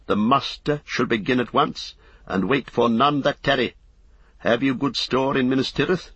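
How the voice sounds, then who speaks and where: Old warrior king, voiced by a male narrator: grave, commanding, husky, dull recording. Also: medium pitch, moderate pace, fairly bright tone, no echo, pitched above the performer's own voice. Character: aged proud warrior king.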